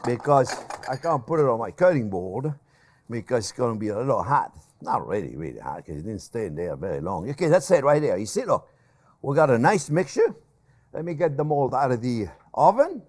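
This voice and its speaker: Lively older chef with a tongue. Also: male voice, mid-range voice, brisk. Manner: chatty, animated, laughs at himself, calls viewers friends. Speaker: chef and cooking show host. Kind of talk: casual cooking demonstration.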